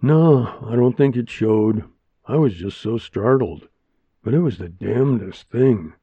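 Man reading as a calm, practical woman. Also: medium pitch, a little slow, breathy edge, no room sound, dull audio.

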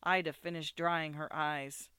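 Smooth, dry audiobook narrator. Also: medium pitch, no echo. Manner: measured, steady storytelling. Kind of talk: audiobook reading of classic fiction.

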